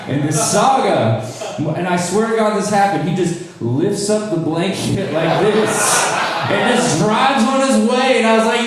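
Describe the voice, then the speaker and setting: Performing stand-up in a small comedy room, this young comic from North Charleston, South Carolina, speaks at normal speed in a high, expressive voice. The echoey, distant-mic audio catches him working the small crowd with dry, self-mocking humor.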